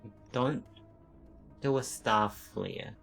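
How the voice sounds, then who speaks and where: A man's voice: medium pitch, takes it slowly, gravelly, a bit bright, faint music behind, rough recording. A man streaming a strategy game, thinking aloud with stumbling restarts and reading the game text in casual commentary.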